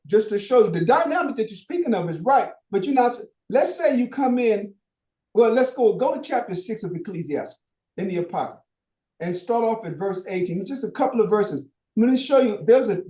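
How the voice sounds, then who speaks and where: A man's voice: sits high, mellow. Man, Bible study teacher, slangy informal preaching, rhetorical questions, roomy echo. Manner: street-casual, rhetorical questions, swears.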